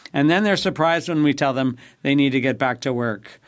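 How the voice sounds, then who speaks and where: A man giving a measured, formal simultaneous interpretation of a parliamentary debate. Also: medium pitch.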